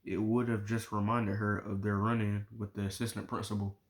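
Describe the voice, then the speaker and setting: A man reading a novel aloud, chapter by chapter, in steady unhurried narration. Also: fairly low pitch. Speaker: audiobook reader.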